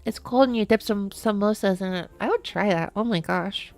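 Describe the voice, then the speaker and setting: A woman's voice: medium pitch, moderate pace, a little mellow, soft background music. A woman streamer chatting casually on a live stream, rambling, giggling often and restarting her sentences.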